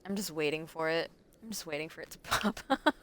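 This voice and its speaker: A woman with a slightly low voice chats her way through a live game stream. She talks half to herself and half to her viewers and laughs easily. A faint hum of noise sits under her voice. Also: a little fast, fairly bright tone. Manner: chatty, talks to herself and chat, laughs often. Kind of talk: casual live gameplay commentary.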